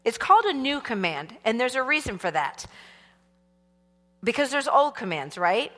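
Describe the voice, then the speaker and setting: A woman teaching a sermon in a casual, animated way, leading the congregation in call-and-response. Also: a little high, normal speed. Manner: animated, casual and conversational, teasing the audience. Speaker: church teacher. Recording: long hall reverb.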